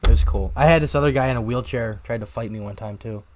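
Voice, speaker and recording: A young man co-hosting a podcast tells a rambling story in casual conversation, shouting the lines he quotes. He speaks fast at medium pitch, and there's a little hiss or hum on the recording.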